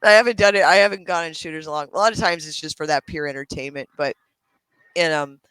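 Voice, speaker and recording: A man's voice: fairly high pitch, quick pace, clear, resonant tone, no echo, poor audio. A man hosting a casual chat, telling gaming stories with lots of swearing and acted-out quotes. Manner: animated storyteller, swearing, acting out quotes in raised voices. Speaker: podcast host.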